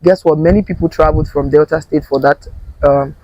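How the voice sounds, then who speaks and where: A young Nigerian actress chatting in an interview, lively and quick to slip into Pidgin. Her voice sits close and dry with no room around it. She talks in a loose, storytelling way. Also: deep voice, no room sound, dull audio. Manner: animated, mixing English with Pidgin, laughs often. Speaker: actor guest. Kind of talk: casual interview chat.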